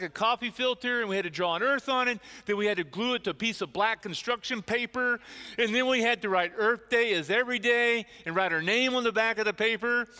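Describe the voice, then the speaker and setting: A man's voice: high-pitched, sharp tone, clear, resonant tone, big-room sound. An older man preaching a sermon as a pastor, telling a self-deprecating story with many restarts. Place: church sanctuary.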